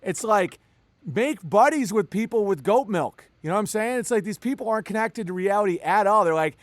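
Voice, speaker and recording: A man's voice: sits high, no echo. A man talking casually and animatedly on a podcast, cursing freely and joking between points. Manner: animated, profane, quick asides and jokes. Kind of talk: casual conversation.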